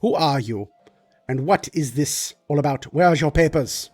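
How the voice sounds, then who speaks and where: A man's voice: on the high side, moderate pace, a little mellow, no room sound, soft background music. A man voicing a masked male royal guard who speaks through an amplifying voice box, making curt, suspicious demands. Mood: stern.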